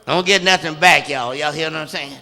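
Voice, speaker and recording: A man preaching a sermon, stammering through repeated words and building from quiet talk up to loud shouts. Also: a little high, a little fast. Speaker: pastor. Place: church sanctuary. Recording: long reverb of a church hall.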